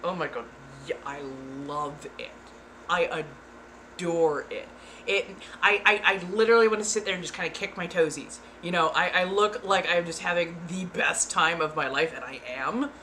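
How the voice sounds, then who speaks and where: A woman's voice: fairly low pitch, normal speed, pushed and bright, slight background noise. A woman streamer chatting casually, frank and giggly, sometimes putting on playful voices. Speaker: ASMR streamer. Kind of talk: casual chat.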